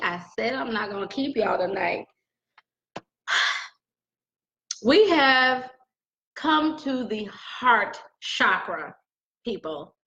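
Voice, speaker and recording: A woman's voice: on the high side, a bit bright, reverberant. A middle-aged woman teaching crystals in a casual video, joking and chatting straight to her viewers. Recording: dull lo-fi sound.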